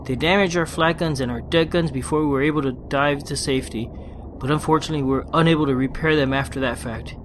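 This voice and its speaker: A man's voice: fairly high pitch, background noise. A man hosting a solo gaming podcast, chatting casually and then reading a war story aloud in his own plain voice. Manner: conversational, quick restarts, reads report plainly without accents. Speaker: podcast host. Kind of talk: casual podcast talk and read-aloud session report.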